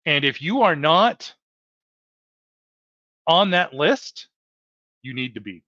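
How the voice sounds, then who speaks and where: An earnest man hosts a heartfelt motivational livestream, circling back over his points and calling the audience folks. His voice sits a touch high. The sound is dull and lo-fi, with a dry, close feel. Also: very animated, slow, bright, forceful tone, no echo. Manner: earnest, repetitive, addresses viewers as folks. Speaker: livestream host.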